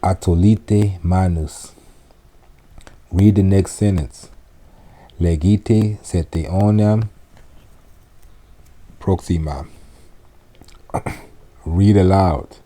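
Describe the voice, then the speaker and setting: A man teaching spoken classroom phrases, giving each in English and then repeating it slowly and deliberately. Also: low-pitched, mellow. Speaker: Latin teacher. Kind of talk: slow classroom phrase lesson.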